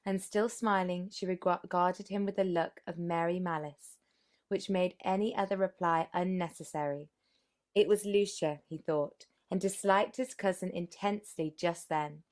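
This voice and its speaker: A woman reading a classic novel aloud as narrator, steady with small restarts. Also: fairly low pitch. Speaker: audiobook narrator.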